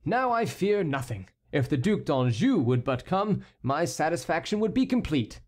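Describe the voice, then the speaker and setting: A man's voice: on the high side, very animated, moderate pace. A man voicing an anxious older nobleman, the fretful father-in-law, in a despairing, pleading tone.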